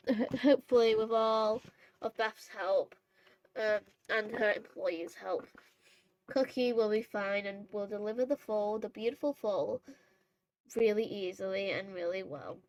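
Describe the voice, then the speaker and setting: A woman's voice: medium pitch, a little slow, a little mellow, poor audio. A woman vlogging casually over horse role-play gameplay, rambling and chatty with many fillers and self-corrections. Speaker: gaming vlogger.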